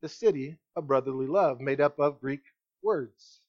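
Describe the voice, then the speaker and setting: A male pastor preaching a sermon, slowing down and dropping his voice low to land key words. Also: lo-fi sound. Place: church.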